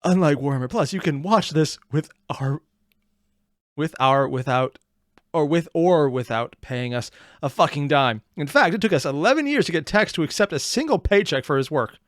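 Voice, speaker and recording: A man hosting a reaction video, sarcastic and excitable, swearing freely. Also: fairly high pitch, moderate pace, dry recording, clean studio sound. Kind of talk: reaction commentary.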